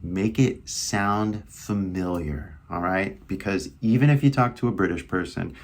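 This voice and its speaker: Speaking low and unhurried, a young Californian man teaches English in a relaxed, casual lesson. He's a chatty teacher whose loose talk leans heavily on fillers, especially "like" and "right?"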